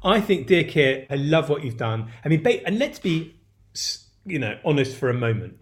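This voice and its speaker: A man's voice: on the high side, sing-song, moderate pace. A man co-hosting a casual chat, teasing and rambling, with plenty of swearing. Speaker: podcast co-host.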